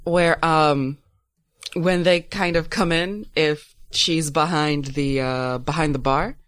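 A woman playing a tabletop game in casual talk, halting with many fillers and laughs. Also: low-pitched, steady tone, clean tone, no echo.

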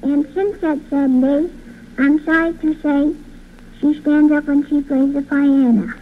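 Brief: man playing innocent little girl, high and childlike, tinny old radio sound with faint hiss. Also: steady tone, measured pace. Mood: chatty. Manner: childlike, sing-song recitation. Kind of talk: 1930s radio comedy.

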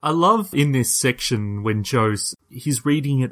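A man's voice: mid-range voice, lively intonation, unhurried, a bit bright. A man co-hosting a podcast, chuckling and adding details to the talk. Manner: laughing, adds corrections. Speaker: podcast co-host.

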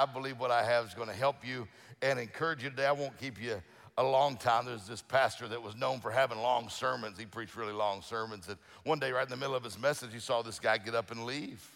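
A man's voice: mid-range voice, quick pace, vocal fry, a bit bright, big-room sound. A middle-aged male pastor preaching a sermon, telling folksy stories with lots of restarts and fillers. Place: church sanctuary.

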